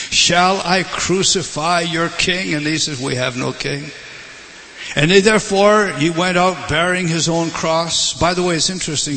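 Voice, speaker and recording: A man delivers a sermon with passionate swings from loud emphasis to low, quiet lines. His voice is bright and forceful, set a little high for a man. It rings with the long reverb of a large hall over a faint hum of room ambience. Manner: impassioned, swelling to loud emphasis then dropping low. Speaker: preacher.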